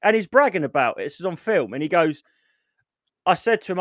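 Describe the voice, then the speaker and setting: Brief: male comedian, lively sweary anecdotes, dry close mic. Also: sits high, fairly quick, pauses often, no echo. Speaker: comedian and podcast co-host. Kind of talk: crude casual storytelling.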